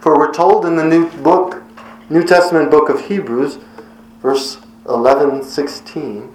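A middle-aged man preaching a devotional sermon in an earnest, measured way, slowing on key words. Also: a little high. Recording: echoey room with faint ambience.

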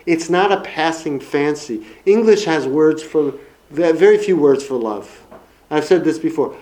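A man's voice: a little high, darkish tone, poor audio. A man delivering a sermon, his voice sitting a little above the usual male range. He reads scripture aloud, then expounds it, stressing key words through repetition. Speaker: preacher.

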